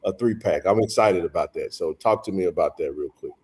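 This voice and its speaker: Man hosting a casual stream; low, mellow voice; loose, rambling delivery. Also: fairly quick, husky. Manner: rambling, frequent restarts and fillers. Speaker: host. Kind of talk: casual livestream chat.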